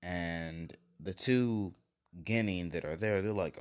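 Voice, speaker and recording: Young man, deep voice, loose crude fan-fic rambler. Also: unhurried. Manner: crude, rambling, full of likes and kindas. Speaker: fan fiction storyteller. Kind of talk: casual rambling retelling.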